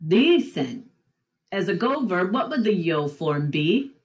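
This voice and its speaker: A woman teaching a recorded Spanish lesson from home, slowly and deliberately drilling conjugations one by one. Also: lowish voice, big pitch swings, a little mellow. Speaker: high school Spanish teacher. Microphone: computer mic while screen recording.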